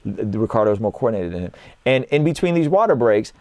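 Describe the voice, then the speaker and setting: A man in his thirties, a guest in a casual conversation, telling stories in an animated way and acting out what others said. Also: lowish voice, quick pace, no echo. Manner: animated storyteller, acts out quotes.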